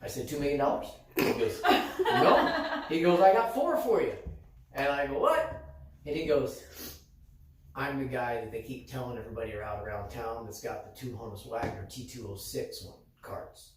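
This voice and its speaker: A man's voice: medium pitch, a little fast. A man who runs a sports card shop and hosts the show, telling a story in a casual way and acting out the other person's lines. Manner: animated, acts out quoted dialogue. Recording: very echoey room, distant mic, faint noise.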